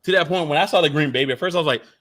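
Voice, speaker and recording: A man co-hosting a casual movie review, talking in a lively way and often acting out lines in quotes. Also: fairly high pitch, rapid-fire. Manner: animated, mimics characters in quotes. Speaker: podcast co-host.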